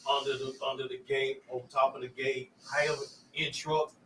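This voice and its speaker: A man on a casual podcast chat, speaking earnestly and rambling, often trailing off quietly. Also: medium pitch, little pitch movement, brisk. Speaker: podcast guest. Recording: distant mic with faint background noise.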